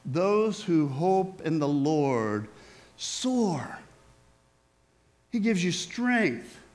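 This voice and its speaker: A male preacher with a notably high voice delivers a sermon at a slow, unhurried pace. He talks conversationally and keeps turning to his listeners with questions. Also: very animated, darkish tone. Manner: conversational, asks the audience questions.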